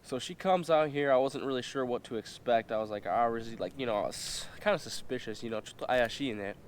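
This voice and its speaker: A man's voice: medium pitch, fast, clean tone. A young man telling a story in a casual, profane way, with lots of fillers and acted-out quotes. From United States. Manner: loose and profane, full of fillers, acts out quotes. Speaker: vlogger.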